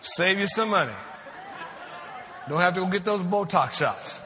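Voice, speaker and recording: A man preaching a sermon, asking the congregation questions and slowing down to draw out scripture verses. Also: high-pitched, expressive, gravelly, long reverb tail, crowd noise, background noise. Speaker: pastor.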